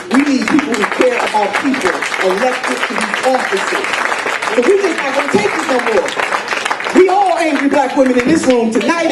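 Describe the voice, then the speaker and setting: A woman's voice: a little high, mellow. Fiery woman speaking in echoey hall. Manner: fiery, emphatic, rallying. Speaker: state senator giving a speech. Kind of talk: rousing political speech. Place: conference room with audience. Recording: echoey room, distant mic, crowd noise.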